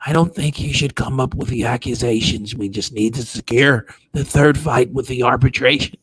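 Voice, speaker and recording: A man doing an impression of a cautious, money-minded older boxing manager who speaks in a slow, placating way. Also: medium pitch, a bit bright, breathy edge, no room sound.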